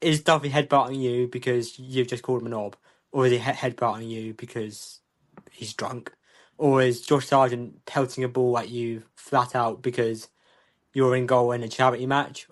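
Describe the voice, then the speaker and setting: A man co-hosting a football podcast, wry and musing as he spins out what-ifs. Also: medium pitch. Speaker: podcast co-host. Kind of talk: casual chat.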